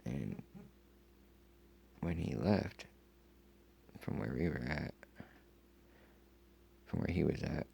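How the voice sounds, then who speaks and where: A man telling a long personal story in a rambling, profane, casual way, full of fillers, with a gravelly, husky voice. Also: extremely low pitch, slow, long pauses, dark tone, slight background noise. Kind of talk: casual first-person account.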